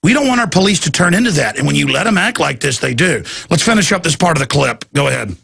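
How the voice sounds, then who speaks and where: A man's voice: on the high side, animated, quick pace, vocal fry, a bit bright, husky. A man hosting a talk show, commenting over a video clip in a mocking, heated way. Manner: mocking, puts on drawling voices, laughs.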